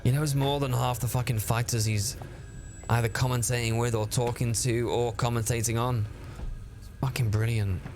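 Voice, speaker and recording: Male streamer, casual gameplay chat, swears a lot, riffs on viewer messages, mid-pitched voice on a desk mic. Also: flat delivery, normal speed, over music.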